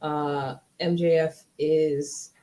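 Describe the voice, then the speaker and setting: Low-voiced chatty female co-host. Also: little pitch movement, extremely slow, mellow, poor audio. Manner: chatty, analytical, reads viewer comments. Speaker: co-host of a wrestling review show. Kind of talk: casual chat.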